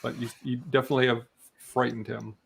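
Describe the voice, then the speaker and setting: A man running a tabletop game as game master, in a laid-back, halting way with many ums. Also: mid-range voice, flat delivery, gravelly, fairly bright tone, husky.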